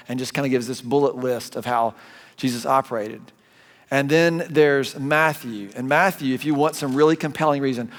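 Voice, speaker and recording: A man with a Southern US accent preaching a sermon as a pastor, conversational and animated, correcting himself as he goes. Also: medium pitch. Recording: long hall reverb.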